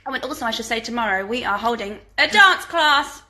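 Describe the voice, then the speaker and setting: Woman, bright voice, a bit high, chatty live Q&A, phone at arm's length, at home. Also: lively intonation, fairly quick. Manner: chatty and giggly, reads out questions, coos at her dogs. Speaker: musical theatre performer hosting a fan Q&A. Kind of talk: casual live Q&A chat. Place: at home, indoors. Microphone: phone held at arm's length.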